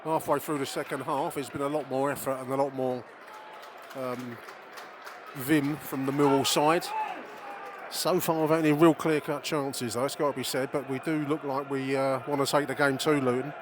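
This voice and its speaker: Surrounded by crowd noise in an outdoor football stadium, a middle-aged podcast host sits in the stands offering casual, opinionated commentary on the game. His medium-pitched voice moves at a normal speed with fairly even intonation as he swears and speaks directly to listeners.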